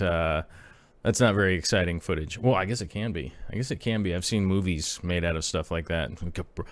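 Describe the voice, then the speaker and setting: Rambling low-voiced man live streaming. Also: no room sound. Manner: rambling, filler-heavy, reads chat aloud. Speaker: aquarium channel host. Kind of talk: casual live stream chat.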